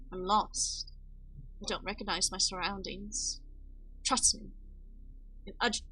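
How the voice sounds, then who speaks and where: A haughty young female botanist, played by a woman reading a game aloud, pompous and scornful, her put-on accent wandering as she goes. She talks at a mid pitch with a little faint hiss behind her. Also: pushed and bright, low-quality recording.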